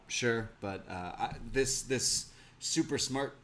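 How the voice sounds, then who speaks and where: A man's voice: mid-range voice, takes it slowly, slight background noise. Chatty man who laughs a lot. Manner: laughs often, quotes the show's characters in a loud voice. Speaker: podcast co-host. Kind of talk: casual wrestling recap chat.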